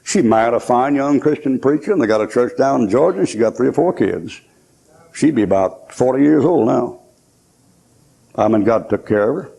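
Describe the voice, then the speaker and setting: A man's voice: mid-range voice, very animated, moderate pace, gravelly, long pauses, dark tone, husky. An older man preaching a sermon in a folksy storytelling way, telling stories from his own life. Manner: folksy storytelling preaching, acts out quoted voices. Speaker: pastor.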